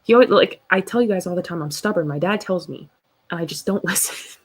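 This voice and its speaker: A woman's voice: on the low side, fairly quick. A young woman hosting a casual livestream, talking passionately and reading out chat comments. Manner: passionate, emphatic, animated. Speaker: livestream host.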